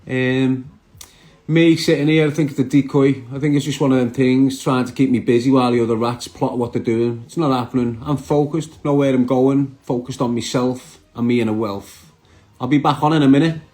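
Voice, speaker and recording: A man's voice: mid-range voice, fairly even intonation, fairly quick, darkish tone. A man, chatting brashly on a live stream and answering viewer comments. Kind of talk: casual live stream chat.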